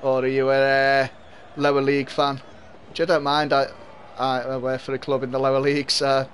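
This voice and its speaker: Speaking in a medium, monotone voice at normal speed, a young Liverpool-born streamer with a mild Scouse accent commentates a football video game live. He chats with viewers and laughs frequently, with slight background noise behind him.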